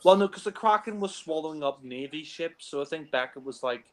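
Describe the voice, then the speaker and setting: A man giving a relaxed, offhand fan film commentary, often trailing off with filler phrases. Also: a little high, brisk, hardly any pauses, slight background noise, poor audio. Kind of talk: casual film commentary chat.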